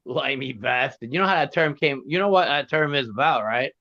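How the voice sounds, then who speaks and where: A man chats as a guest on a casual live stream, laughing often and trying out mock accents. His voice sits a bit high and is recorded dry. The audio is dull and lo-fi. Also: lively intonation, fast talker, pushed and bright, no room sound.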